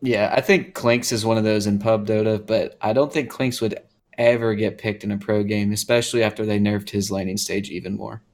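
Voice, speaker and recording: A man's voice: on the low side, steady tone, brisk. Easygoing British man asking questions. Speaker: podcast host. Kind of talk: casual esports chat.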